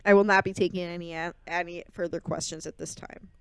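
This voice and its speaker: A woman co-hosting a podcast over a remote call, quick to react with sarcastic, playful teasing. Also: lowish voice, steady tone, clean tone, no room sound. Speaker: podcast co-host. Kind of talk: casual chat. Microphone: remote call mic.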